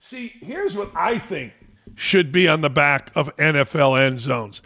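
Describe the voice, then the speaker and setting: A man's voice: a little high, sing-song, a little slow, bright, forceful tone. A man hosting a sports talk show, delivering a sarcastic, mocking commentary rant.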